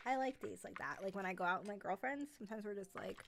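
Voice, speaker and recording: A woman's voice: mid-range voice, fast, vocal fry, hardly any pauses, noisy background. A woman talks casually with her viewers on a livestream, with a light New York accent. Her speech is loose and friendly and often filled with "like" and "um". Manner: chatty, many fillers like "like" and "um". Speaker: host of a horror narration channel.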